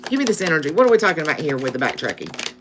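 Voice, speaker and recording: A woman's voice: sits low, big pitch swings, rapid-fire, background noise. A woman giving a live-stream tarot reading, addressing her viewers as "collective" and checking in with "okay?" often. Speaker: tarot reader.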